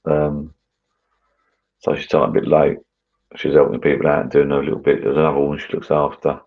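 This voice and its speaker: A man's voice: very deep voice, completely flat delivery, brisk, phone-quality sound. A middle-aged man hosting a casual live chat over drinks, rambling on as he reads out comments. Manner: rambling, mumbling on. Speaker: livestream host. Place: garden bar shed at home.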